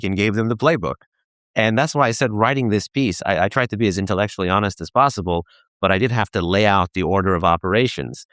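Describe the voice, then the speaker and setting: A man with a low voice joins a policy discussion as a guest. He talks quickly and is self-deprecating, often stumbling over the first words of a sentence. The sound is dry and close to the mic. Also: fairly bright tone, clean tone, no echo.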